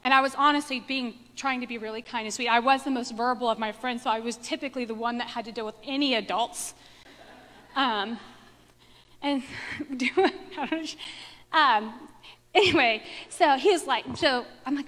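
A woman telling a self-mocking personal story to a live audience in a chatty, animated way. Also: high voice, moderate pace. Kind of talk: storytelling talk. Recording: echoey hall with long reverb.

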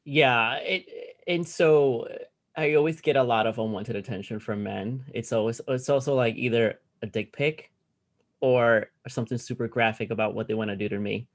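A young man as a podcast guest, talking in an animated, sassy way and laughing a lot. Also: medium pitch, moderate pace. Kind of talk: casual chat.

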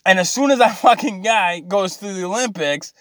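A man's voice: high voice, normal speed, a bit bright, no room sound, clean studio sound. A Canadian man with a Canadian accent, ranting casually in a profane, rambling way that keeps drifting off track. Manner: profane, easily sidetracked, loose and rambling. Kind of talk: rambling comedic rant.

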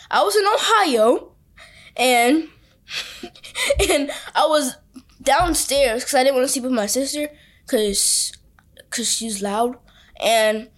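A young woman co-hosting a podcast, telling stories in animated, chatty casual talk. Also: sits high. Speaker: podcast co-host. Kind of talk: casual chat.

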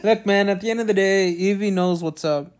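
A man's voice: high voice, a little fast, a little mellow. A man co-hosting a podcast in casual chat, rambling and joking with a lot of swearing. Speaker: podcast co-host.

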